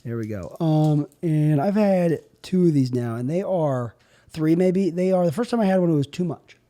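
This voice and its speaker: A young man hosting a solo podcast, riffing on absurd bits in a rambling, offhand way. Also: normal speed. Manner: absurd deadpan riffing, drifting in pitch and loudness. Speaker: podcast host.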